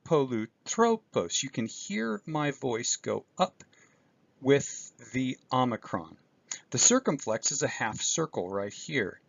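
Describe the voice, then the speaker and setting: A man's voice: mid-range voice, big pitch swings, slow pace, vocal fry, fairly bright tone, dry recording. A man teaching an introductory Greek class in a recorded screencast, explaining step by step with occasional fillers. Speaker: Greek instructor. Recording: dull, dry screencast audio.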